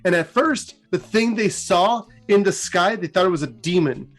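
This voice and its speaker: A man's voice: sits high, animated, normal speed. A young man hosting a casual lore retelling, chatty and giggly with slangy asides. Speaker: host.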